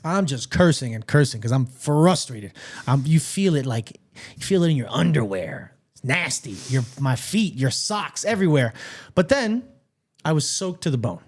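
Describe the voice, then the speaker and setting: A man co-hosting a podcast, telling stories in an animated, profane, casual way. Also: mid-range voice, moderate pace. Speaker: podcast co-host. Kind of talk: casual chat.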